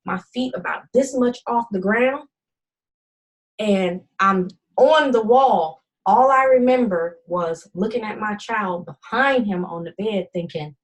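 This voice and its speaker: A woman's voice: medium pitch, a little slow, husky, rough recording. A middle-aged woman giving a personal testimony talk, telling her story dramatically with emphatic repetition. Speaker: speaker.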